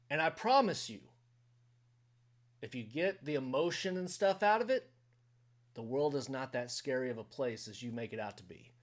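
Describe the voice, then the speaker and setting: A man hosting a casual reaction video, talking straight to his viewers in a rambling, opinionated way while he wears headphones. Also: fairly high pitch. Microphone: headphones on while recording.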